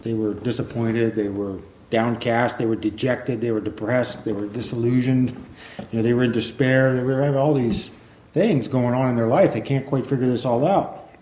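A preacher with a warm, mellow, medium-pitched voice talks loosely and conversationally through his sermon, sprinkling in small asides and reading scripture between his comments. His intonation is fairly even and his pace moderate. The room is echoey like a church hall, with slight background noise.

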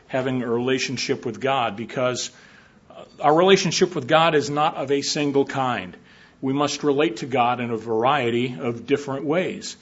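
Working through his points slowly and thoughtfully, a preacher with a husky, mid-pitched voice delivers a sermon and pauses on fillers along the way. The audio is dull and lo-fi, like it was captured in a hall.

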